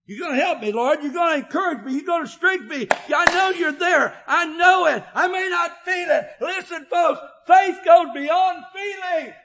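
An older man preaching an emotional sermon, often shouting, with a filler 'uh' between phrases. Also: extremely high pitch, normal speed, hardly any pauses, dull audio, slight background noise.

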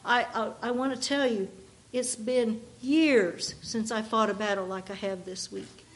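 A woman preaching a sermon, reading song lines slowly and with emphasis, often restarting her sentences. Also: on the high side, steady tone. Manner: slow, emphatic reading with drawn-out words.

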